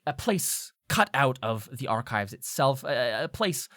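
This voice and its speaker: A man's voice: mid-range voice, sing-song, a little slow, pushed and bright, dry recording, clean studio sound. A man acting as game master, improvising a scene description with lots of fillers and restarts. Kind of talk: narrating a tabletop game.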